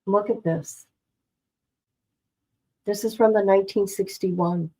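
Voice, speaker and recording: A woman's voice: mid-range voice, fairly even intonation, takes it slowly, darkish tone, rough recording. A woman hosting a casual livestream, dramatic and exclamatory, talking to herself and her chat. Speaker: livestream host. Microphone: no headphones, device mic.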